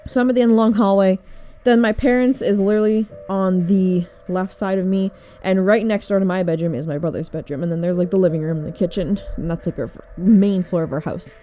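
A woman's voice: medium pitch, steady tone, quick pace, dull audio, soft background music. A young woman casually telling a personal story, rambling with lots of fillers and frequent laughter. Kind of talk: casual chat.

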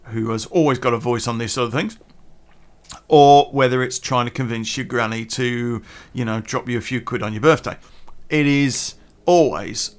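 A chatty British man holds forth in a casual podcast rant, his pitch sitting in an ordinary middle range. He is blunt and sprinkles in mild swearing and lots of "you know". He chews gum as he speaks. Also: a bit bright. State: chewing gum. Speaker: podcast host. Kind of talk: casual ranting podcast monologue.

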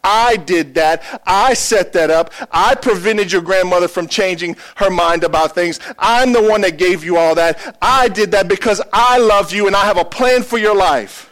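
A man's voice: high voice, moderate pace, few pauses, a bit bright, voice pushed up, low-quality recording. A man preaching, voicing God speaking firmly and lovingly to him. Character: stern commanding God, male, older.

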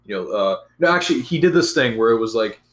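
A young man in casual chat, telling a profane, animated story about school. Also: medium pitch, fast. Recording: roomy echo.

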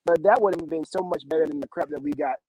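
A man's voice: a little high, quick pace, mellow, breathy edge, dry recording, rough recording. A man co-hosting a casual movie review podcast, rambling and thinking aloud with many fillers. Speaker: podcast co-host.

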